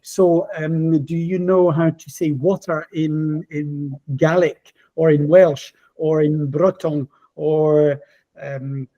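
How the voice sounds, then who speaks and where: A man's voice: a little high, dark tone, low-quality recording. A man presenting his book to teachers in an online talk, speaking with passion and enthusiasm.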